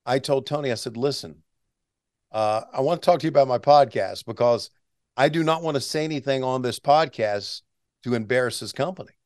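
A man's voice: mid-range voice, fairly quick, darkish tone, no echo, studio quality. A man in his sixties, a veteran announcer, chatting as a guest and telling stories with restarts and chuckles. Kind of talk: casual interview storytelling.

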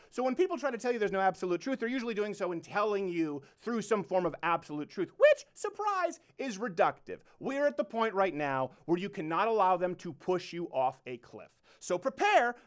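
Male show host, heated monologue, very lively swooping pitch, keeps firing rhetorical questions. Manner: emphatic, repeats rhetorical questions. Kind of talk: closing monologue rant.

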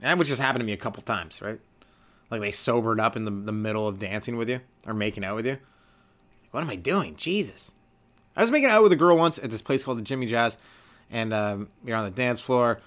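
Young man, from Canada, solo comedy podcast host, rambling, swears a lot, does quick character voices, middle pitch. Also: lively intonation, fairly bright tone. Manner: rambling and loose, acts out little voices, swears freely.

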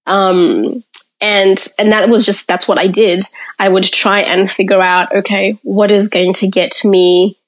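A woman from Africa speaks as a podcast guest, recounting her story in an open, candid way. Her voice sits at a middle pitch. She talks reflectively and takes pauses to collect her thoughts. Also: steady tone. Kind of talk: personal storytelling in an interview.

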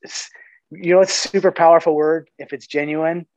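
A man's voice: a little high, fairly even intonation, moderate pace, a little mellow, no room sound. A man in casual podcast conversation, talking earnestly, swearing casually and often restarting his sentences. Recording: dull lo-fi sound.

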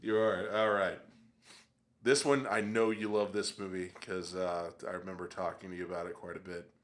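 Deep-voiced young man, casual podcast chat. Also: flat delivery, moderate pace. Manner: teasing, chuckles often. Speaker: podcast co-host.

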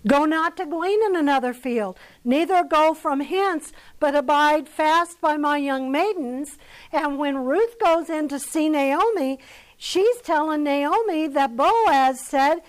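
High-voiced, unhurried American woman teaching the Bible. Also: low-quality recording. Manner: conversational, asks the audience questions. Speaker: women's Bible study teacher. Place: church.

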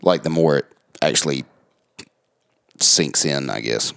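A man co-hosting a podcast, agreeable and thinking out loud in casual chat. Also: rumbling low, a little slow, gravelly, clear, resonant tone, dry recording, clean studio sound. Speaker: podcast co-host.

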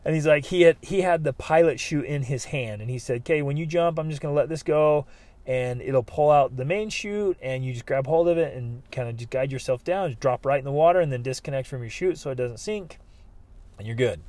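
A middle-aged man telling a personal story in a lively, animated way and voicing the people he quotes. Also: medium pitch, fairly quick, no echo.

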